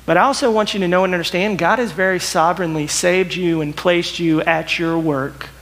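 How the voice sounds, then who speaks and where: A man preaching a sermon, telling a story in a folksy, animated way with many repeated words. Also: high voice, a little fast.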